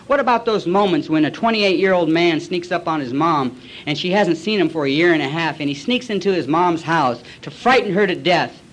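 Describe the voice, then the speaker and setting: Man in his forties, slightly high voice, blunt and colloquial, telling his recovery story at a meeting, acts out old conversations.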